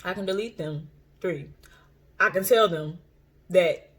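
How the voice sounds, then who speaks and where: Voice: mid-range voice, slow pace, fairly bright tone. An intuitive coach talking casually to camera, blunt and profane, repeating phrases for emphasis and laughing often. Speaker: intuitive coach and tarot reader. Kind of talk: casual unscripted monologue to camera.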